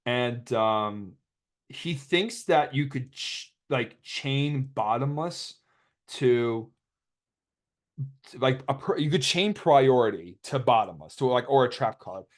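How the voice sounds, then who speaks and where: A man's voice: mid-range voice, expressive, slow. A young man casually commentating over his card game replays, rambling and joking as he retells a dispute. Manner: rambling, joking, quotes others in put-on voices.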